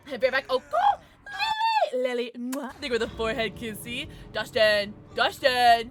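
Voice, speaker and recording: This young woman's voice sits on the high side at a moderate pace as she plays a game live and chats with viewers. She is excitable, screaming when startled and then chattering apologetically.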